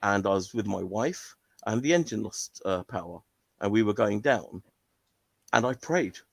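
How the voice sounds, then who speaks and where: Guy putting on a grumpy old teacher, low and curt, dry sound. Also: lively intonation, measured pace, creaky, slightly rough, dry recording, exaggerated voice. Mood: gruff. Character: stern older male schoolteacher, gruff and curt.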